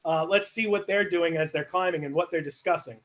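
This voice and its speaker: Upbeat male host narrating improv scenes, higher voice, casual and playful. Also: a little fast. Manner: chatty, laughing, asks the audience for suggestions. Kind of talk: live online improv narration.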